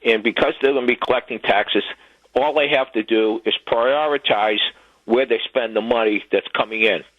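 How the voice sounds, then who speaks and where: A male radio caller heard over a narrow, tinny phone line with a dry sound. He speaks in a plain, earnest, steady way at a mid pitch. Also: normal speed, no echo. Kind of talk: call-in phone comment.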